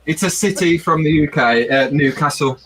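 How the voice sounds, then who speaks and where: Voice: mid-range voice, moderate pace, a crowd in the background, rough recording. A live stream co-host who teases and urges the others on, laughing often. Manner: teasing, encouraging, laughs often. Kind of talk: casual group chat on a live stream.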